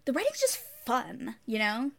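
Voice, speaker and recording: A woman's voice: sits high, wildly swooping pitch, normal speed, vocal fry, fairly bright tone. A woman co-hosting a book-club podcast in casual chat, walking through a story summary and firmly explaining her view. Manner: summarizes at length, then pushes back firmly in debate. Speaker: podcast co-host.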